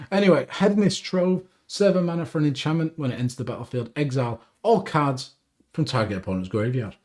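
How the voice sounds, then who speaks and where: A man hosting a casual card game review, reading card text aloud and adding upbeat asides. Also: medium pitch. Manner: reads card text aloud, animated, self-deprecating asides. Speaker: deck review host.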